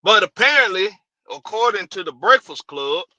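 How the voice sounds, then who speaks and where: Hyped male host, high voice, dry close sound. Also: sing-song, normal speed, bright, forceful tone, no room sound, low-quality recording. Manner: hyped, drawling, repeats phrases. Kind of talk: casual livestream show opening.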